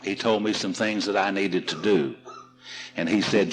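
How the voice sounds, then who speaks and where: A man's voice: low voice, steady tone, moderate pace, low-quality recording. A man telling his recovery story to a seminar audience in a folksy, humorous way. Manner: folksy, humorous, repeats and restarts.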